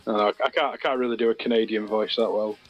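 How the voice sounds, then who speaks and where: A man's voice: lowish voice, fairly even intonation, quick pace, dull audio, soft background music. A man, co-hosting in a casual chat, joking and telling rambling anecdotes. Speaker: co-host.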